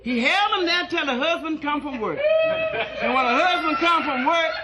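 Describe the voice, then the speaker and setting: A woman telling bawdy jokes as a stand-up comedian, brassy and shouting her punchlines. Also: sits high, normal speed, very noisy.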